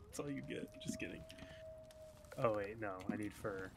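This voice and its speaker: Man, gravelly voice, slangy joking banter, gaming chat, loud game noise under the voice. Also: on the low side, brisk. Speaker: gaming channel host. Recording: noisy game audio behind voice.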